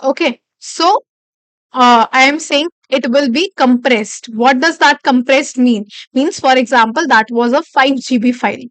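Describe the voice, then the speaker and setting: A woman's voice: sits high, measured pace, fairly bright tone, no echo. A woman instructor giving a live online lecture, explaining step by step, repeating key phrases and checking in with "okay".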